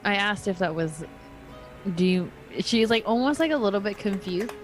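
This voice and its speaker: A woman's voice: mid-range voice, animated, moderate pace, soft background music, rough recording. A woman playing a tabletop game, laughing often as she describes what her character does. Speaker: player. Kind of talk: tabletop game play, casual chat.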